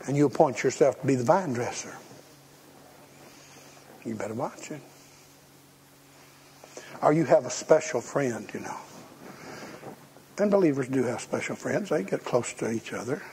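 A man's voice: mid-range voice, animated, normal speed, pauses often, a little mellow, a little hiss or hum. A man preaching a folksy, humorous sermon and acting out the voices he quotes. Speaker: pastor.

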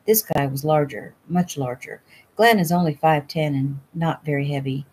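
A woman's voice: low voice, moderate pace, a little mellow, breathy edge. A woman voicing a feisty, stubborn young woman in a storybook reading, wry and matter-of-fact. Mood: steady, wry.

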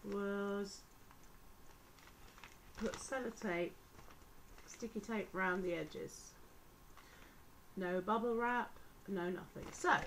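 Woman vlogger, slow-paced, sarcastic and exasperated, casual home-video feel. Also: medium pitch, slight background noise, low-quality recording. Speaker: teacher. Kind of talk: casual ranting vlog.

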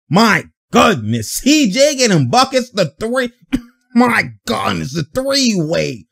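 A young man giving casual, slangy reaction commentary over a basketball game, laughing often and getting excited. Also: high voice, extremely slow, creaky, pauses often.

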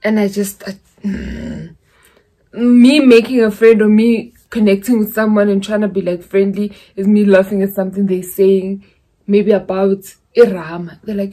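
A woman's voice: mid-range voice, fairly even intonation, moderate pace, darkish tone. A young woman from South Africa with a South African accent, chatting casually in a vlog and slipping in Zulu phrases as she rambles through stories. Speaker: YouTuber.

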